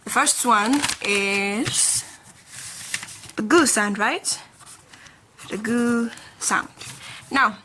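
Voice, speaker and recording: Woman, beginner language teacher, bright voice, patient and repetitive delivery. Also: fairly high pitch, slight background noise. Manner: patient, repeats sounds slowly while writing. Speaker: Korean teacher.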